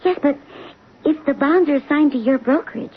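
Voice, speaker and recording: A woman's voice: high voice, natural voice. An actress playing a young wife who keeps questioning her husband, in a 1970s radio drama. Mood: probing. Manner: probing, quick. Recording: tinny 1970s radio broadcast.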